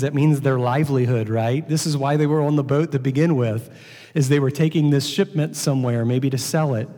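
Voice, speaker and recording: Male preacher, mellow and dark-toned, sermon with scripture readings, long hall reverb. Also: mid-range voice. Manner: reads scripture aloud, then explains with rhetorical questions.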